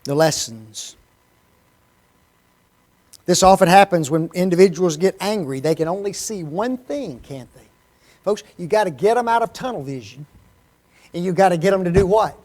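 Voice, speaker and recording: High-voiced preacher, animated and questioning. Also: male voice, normal speed, long pauses. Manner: animated, asks the congregation rhetorical questions. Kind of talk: sermon. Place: church.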